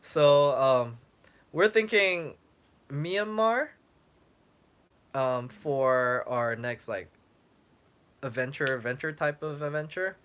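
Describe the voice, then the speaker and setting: Young guy vlogger rambling thru viewer questions, bright voice, kinda worn out, lots of um and like. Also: fairly high pitch, takes it slowly, pauses often, clear, resonant tone. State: losing his voice, clearing throat. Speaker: travel vlogger on a livestream. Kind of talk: casual live-stream chat.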